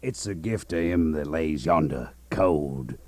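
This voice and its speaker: A man's voice: extremely low pitch, measured pace, no room sound. An actor playing an old male swindler, who fakes grief in a theatrical, preaching manner in a radio drama. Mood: pompous. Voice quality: pompous, theatrical preaching delivery. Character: old male swindler posing as a grieving English brother.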